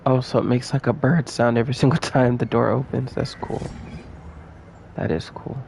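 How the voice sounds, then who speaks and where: Steady and mid-range, his voice is gravelly and darkish, and he talks at a moderate pace over slight background noise. This young streamer plays a video game while chatting playfully and casually with his viewers.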